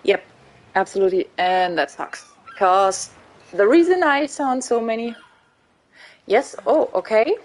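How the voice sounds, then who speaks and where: A woman's voice: fairly high pitch, lively intonation, unhurried, low-quality recording. A woman with a German accent chatting casually while streaming a game, rambling and laughing often. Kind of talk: casual chat while gaming.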